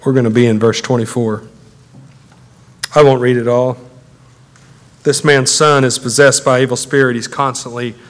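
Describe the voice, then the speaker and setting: A man preaching a sermon as a pastor, conversational and animated, his intensity building as he talks. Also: medium pitch. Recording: echoey hall with long reverb.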